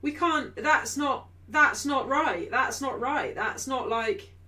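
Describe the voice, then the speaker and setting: A woman's voice: high-pitched, takes it slowly. A young woman hosting a live football watchalong, ranting in exasperation at her team. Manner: shouting in frustration. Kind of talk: live match watchalong commentary.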